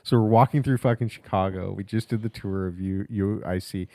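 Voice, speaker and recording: A man's voice: on the low side, steady tone, a little fast, mellow, dry recording, studio quality. A man co-hosting a podcast, telling stories in crude, casual banter and laughing often. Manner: storytelling, profane, laughs often. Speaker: podcast co-host.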